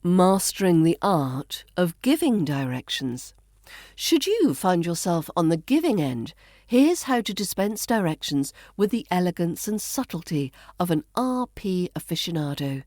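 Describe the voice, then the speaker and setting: A woman with a southern English RP accent, hosting an accent lesson in a crisp, measured, instructive way. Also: on the low side, a little mellow, dry recording, studio quality. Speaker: accent coach and podcast host.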